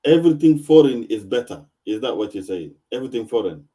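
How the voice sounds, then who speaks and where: A man hosting a casual discussion, animated, often repeating himself and laughing. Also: medium pitch, quick pace, husky.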